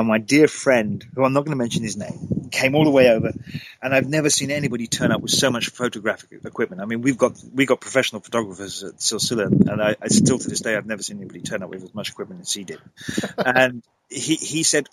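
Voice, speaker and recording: A man's voice: medium pitch, fast, background noise. A man, a guest in a conversation, telling a long story with animation, often laughing and repeating words.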